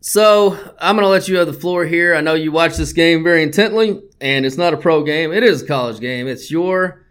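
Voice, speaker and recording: High-voiced man swearing about football. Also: fairly quick, a bit bright, smooth. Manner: blunt, swearing, worked-up grumbling. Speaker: podcast host. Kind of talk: casual sports betting podcast chat.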